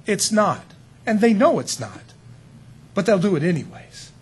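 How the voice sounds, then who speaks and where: A man preaching a sermon in an animated, conversational way, with frequent asides to his listeners. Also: high-pitched, a little slow, husky.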